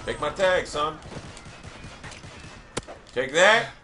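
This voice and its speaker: A man giving profane gameplay commentary, loudly raging and shouting at other players. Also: fairly high pitch, animated, drawn-out words, faint music behind. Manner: shouts in bursts of frustration. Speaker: gamer.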